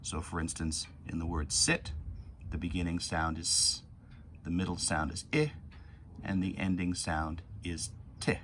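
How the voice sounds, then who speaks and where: A man's voice: sits low, unhurried, fairly bright tone, slight background noise. A man teaching a recorded phonics lesson for young children, patiently sounding out words letter by letter.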